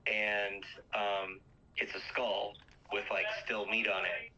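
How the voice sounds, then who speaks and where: A man's voice: fairly low pitch, level tone, slow, sharp tone, dull audio. A man casually retelling a movie's plot, rambling with lots of fillers and acting out quoted lines.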